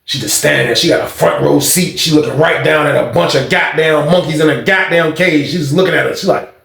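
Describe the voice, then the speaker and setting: A man telling a story in a casual, animated, slangy and profane way. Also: fairly high pitch, a little fast, creaky, echoey room.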